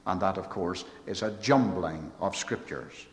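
A man's voice: low voice, unhurried. A man preaching a sermon with emphatic, repetitive phrasing and swelling rhetorical lists. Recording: echoey hall with long reverb.

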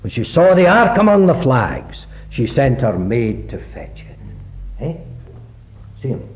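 A man preaching a sermon, emphatically questioning the congregation, with sudden swings in loudness. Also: mid-range voice, very animated, slow pace, a little hiss or hum. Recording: echoey, dull lo-fi recording.

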